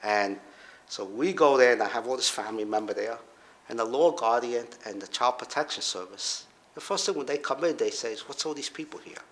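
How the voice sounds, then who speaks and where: A middle-aged man casually telling a personal story, halting and restarting, then jumping up in pitch to act out other people's voices. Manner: halting, with restarts and trailing off quietly.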